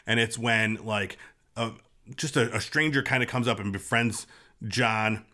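A man's voice: medium pitch, unhurried, sharp tone. A man hosting a casual podcast chat, rambling with fillers and restarts and acting out quotes. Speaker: podcast host.

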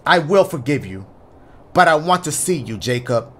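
A man's voice: a little high, big pitch swings, normal speed, fairly bright tone, pitched below the performer's own voice. A man reading aloud as a grieving dead woman's ghost in a horror game, in a half-serious voice. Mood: accusing.

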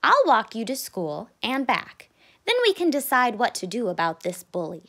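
A woman voicing a gentle, calm mother raccoon in a storybook, speaking in a soft, reassuring way. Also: on the high side, normal speed, heavily acted.

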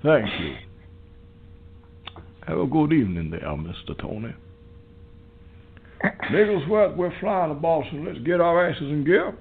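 A man playing a creaky, drawling old villain. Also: on the high side, very animated, full character voice. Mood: smug. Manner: drawling, pompous, slow and creaky. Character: evil old rich southern gentleman with a butler. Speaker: caller. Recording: lo-fi phone-like sound.

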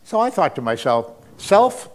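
A man telling an anecdote in a wry, unhurried way, often pausing with fillers and chuckling. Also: medium pitch, slight background noise. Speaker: storyteller. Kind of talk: anecdotal talk.

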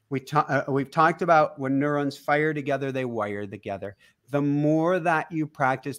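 Animated man teaching with quick laughs. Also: on the high side. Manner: animated, laughs through explanations. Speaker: guest teacher. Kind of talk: casual interview teaching.

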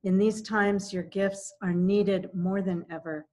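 A woman's voice: medium pitch, fairly even intonation, slow, darkish tone. A woman making a direct offering appeal during an online church service. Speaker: church announcer. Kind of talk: offering announcement.

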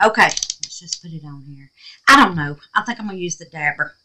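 A woman talking viewers through a resin craft, chatty and quick to exclaim, calling them babies and y'all. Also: low voice, noisy background. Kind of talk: casual crafting tutorial talk.

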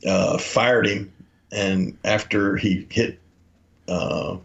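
A man's voice: fairly low pitch, fairly even intonation, very slow, gravelly. A man, a podcast co-host telling rambling anecdotes and acting out the quotes in them. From Memphis, Tennessee. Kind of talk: casual storytelling. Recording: dull lo-fi audio.

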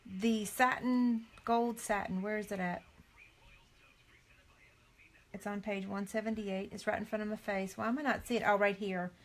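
A woman's voice: mid-range voice, fairly even intonation, fairly quick. A middle-aged woman, chatting live with viewers as a craft demonstrator and reading items off a catalog, with frequent dismayed sighs. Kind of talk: casual live chat with viewers.

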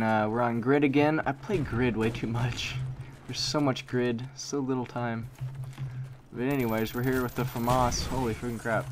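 A man's voice: medium pitch, slight background noise. Young guy doing live game commentary, yelps and grumbles, gunfire going off behind him. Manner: excitable, frustrated exclamations and muttering. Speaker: gaming commentator.

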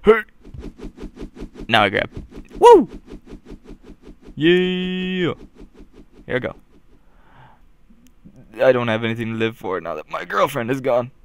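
Goofy gamer with gravelly yelps. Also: male voice, mid-range voice, sing-song, normal speed, pauses often, no room sound. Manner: goofy, bursts into loud yelps. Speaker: gaming commentator. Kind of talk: let's play commentary.

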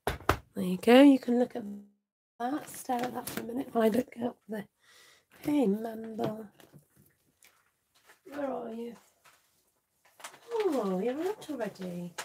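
A British woman chats through a live craft session, thinking aloud and now and then dropping to a whisper. Her voice has a gravelly, fry-tinged edge. The home recording carries steady background noise and clicks. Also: on the high side, a little slow, long pauses. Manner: chatty, thinks aloud, drops into whispered asides. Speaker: craft channel host. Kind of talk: live crafting chat with viewers.

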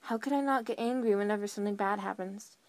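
A woman's voice: medium pitch, quick pace, no room sound, close to an everyday voice. A woman voicing an anxious, earnest young male unicorn colt in a fan audio drama. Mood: troubled.

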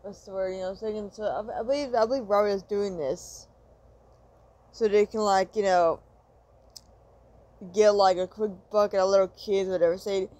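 Mellow-voiced woman on a profane rant. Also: mid-range voice, fairly even intonation, moderate pace, pauses often. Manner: profane, frustrated, repetitive ranting. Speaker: vlogger. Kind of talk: angry rant to camera.

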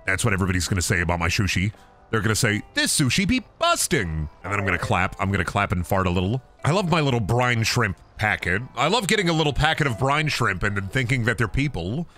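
A man's voice: fairly low pitch, animated, quick pace, few pauses, sharp tone, soft background music. A young man giving goofy, joking commentary on a game stream, swearing and laughing often.

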